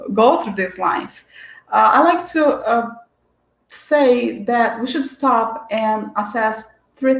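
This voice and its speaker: A woman giving a spiritual lecture in an earnest, searching way, with frequent restarts and fillers. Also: on the high side. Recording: echoey room.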